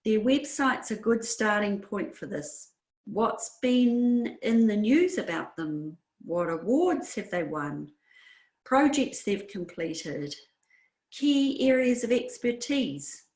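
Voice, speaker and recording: A woman with an Australian accent, a career adviser narrating a slide show in a clear, measured advisory manner. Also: mid-range voice, echoey room, rough recording.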